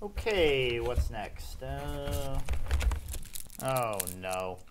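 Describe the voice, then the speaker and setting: A man co-hosting a scripted comedy unboxing, talking in an exasperated, deadpan way. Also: mid-range voice, extremely slow. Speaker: dog owner, co-host. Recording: noisy home recording.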